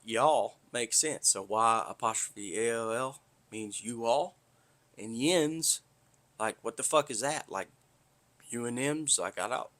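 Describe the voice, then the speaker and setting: A man's voice: on the low side, bright, forceful tone. Blunt, profane Southern-accented man. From north Florida. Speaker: podcast host. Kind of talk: casual monologue.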